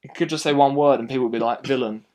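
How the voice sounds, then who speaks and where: A man hosting a casual film review, speaking at an ordinary mid pitch. He rambles in an animated way, restarting sentences often as he chats through his opinions. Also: racing.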